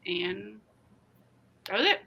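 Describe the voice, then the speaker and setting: A woman from New Jersey hosting a casual livestream chat, telling stories with quick asides. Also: mid-range voice, very animated, gravelly, pushed and bright, slight background noise, poor audio. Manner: chatty storyteller, quick asides and laughs. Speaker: livestream host.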